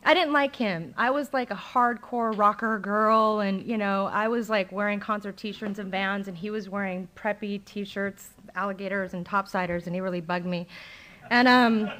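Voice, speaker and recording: A woman's voice: medium pitch, a bit bright. A middle-aged woman speaking at a recovery meeting, telling her personal story candidly and conversationally, with frequent ums and likes. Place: meeting room, live talk recording.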